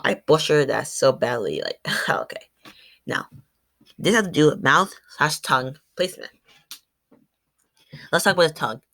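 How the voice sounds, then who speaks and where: Presenting to her classmates, a female student speaks in a low voice with a fairly bright tone. She demonstrates sounds by pronouncing sample words, though she stumbles and corrects herself along the way.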